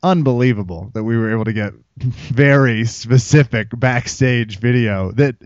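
A man's voice: medium pitch, normal speed, no room sound. A man hosting a podcast, announcing in a mock-serious news voice and bantering. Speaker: podcast host. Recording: dull dry lo-fi podcast audio.

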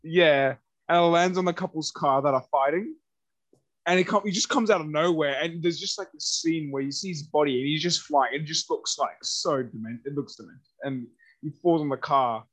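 A man with a slightly high voice wanders through his thoughts on a movie, stopping and restarting as he goes. The sound is dry and close, with no room echo. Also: normal speed. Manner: rambling, hesitant, many fillers and restarts. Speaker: podcast co-host. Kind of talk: casual movie chat.

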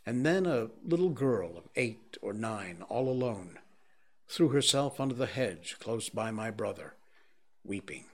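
A man reading a novel aloud as an audiobook narrator, in a slow, measured and grave way. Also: fairly low pitch, expressive. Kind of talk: scripted narration.

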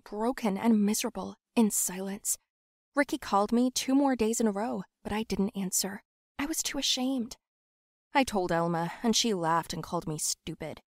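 A young woman telling a first-person story in a lively, confessional way. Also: mid-range voice, normal speed, dry recording, studio quality. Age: young adult.

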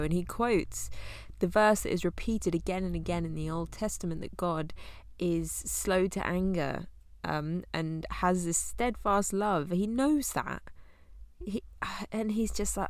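A young woman teaching through a Bible book in a relaxed, conversational way, often laughing as she talks. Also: fairly low pitch, normal speed, dry recording, clean studio sound.

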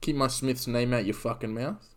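A man's voice: medium pitch, moderate pace. A young man co-hosting a podcast, trading crude, teasing banter. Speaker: podcast co-host. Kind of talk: casual chat.

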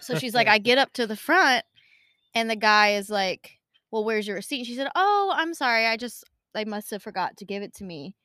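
A woman in her thirties tells a story on a casual podcast, acting out each person's lines with lively energy. Her voice is bright and forward, recorded close and dry. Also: medium pitch, brisk, no echo. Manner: animated storytelling, acting out quotes. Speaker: podcast co-host. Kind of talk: casual chat.

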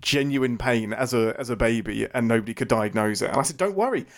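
A man's voice: mid-range voice, steady tone, fairly quick. A young man co-hosting a podcast, telling a story in casual chat and laughing often. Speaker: podcast co-host.

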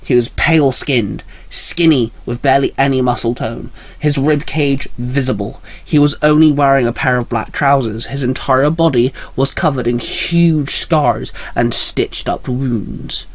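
A man narrating a fan-written action story in a plain, even reading voice. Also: mid-range voice, unhurried, few pauses, dry recording.

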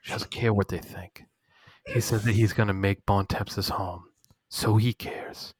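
A man's voice: lowish voice, fairly even intonation, unhurried, slight background noise. A man co-hosting a podcast, recapping a TV episode in casual chat, swearing freely and acting out the characters' lines. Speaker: podcast co-host.

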